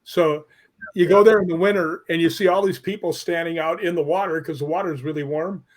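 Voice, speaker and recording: Laughing man telling animated stories. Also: a little high, a little fast. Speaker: podcast guest. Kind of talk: casual storytelling chat.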